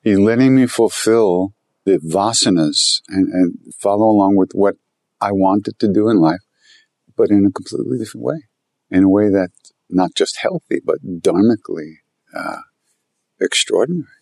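A man with a lowish voice tells a winding story, circling back and repeating himself. He talks in an animated, conversational way. The sound is dry and close to the mic. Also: normal speed, no echo. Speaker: guest telling stories about his teacher.

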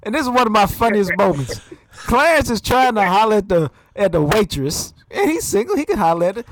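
A man's voice: high-pitched, sing-song, fairly quick, a little hiss or hum. A man co-hosting a podcast who chats casually, teasing and telling stories. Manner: laid-back, teasing storyteller. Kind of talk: casual chat.

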